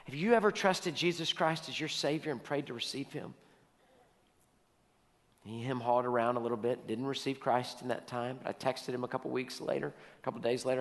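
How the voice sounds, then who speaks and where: A man's voice: mid-range voice, fast talker, long reverb tail. A male pastor preaching a sermon, telling stories and repeating key lines for emphasis.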